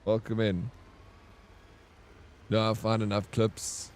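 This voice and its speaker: Guy with a lowish voice, joking around with his stream chat, teasing and easygoing. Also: flat delivery, takes it slowly. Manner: playful, teasing banter. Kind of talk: livestream chat with viewers.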